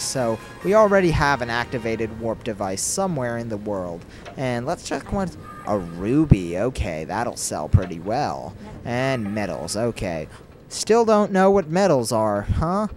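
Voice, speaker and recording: Slow-talking young man narrating his game. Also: medium pitch, slight background noise. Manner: excitable, exclaiming, self-mocking. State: hiccuping. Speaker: let's play commentator. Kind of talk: casual game commentary.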